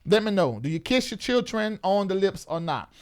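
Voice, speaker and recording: A man of forty, hosting a live talk show in an animated, chatty way, often repeating himself. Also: high-pitched, moderate pace. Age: 40s.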